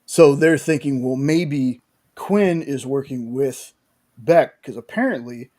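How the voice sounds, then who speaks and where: A man's voice: medium pitch, slow pace, mellow. A man casually recapping a TV episode in a rambling way, with many restarts and fillers. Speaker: podcast host recapping a show.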